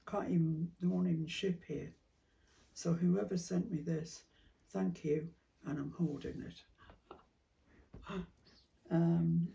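A woman chatting casually as she sorts fabric for a craft vlog, musing aloud and dropping into soft whispered asides, with a cough now and then. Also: lowish voice, creaky, distant mic, muffled recording. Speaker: craft vlogger. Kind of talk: casual chat while sorting fabric.

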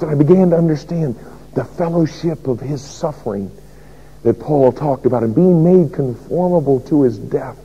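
A male pastor delivers a dramatic sermon in a husky, mellow voice. He swings from loud proclamation to near-whispers. The old recording sounds dull and lo-fi. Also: a little high, normal speed. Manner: shifts between loud declaration and hushed whisper. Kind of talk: dramatic first-person sermon.

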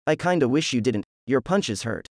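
A man's voice: mid-range voice, expressive, moderate pace, no echo, clean studio sound, natural voice. A man voicing a cocky, reckless teenage ninja antihero with a smug, mocking way of talking.

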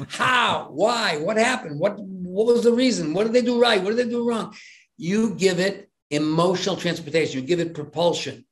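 Older guy on a podcast, high voice, keeps repeating himself, acts out what people said to him. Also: normal speed. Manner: emphatic, repeats words and restarts, acts out little dialogues. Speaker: podcast guest. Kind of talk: animated podcast conversation.

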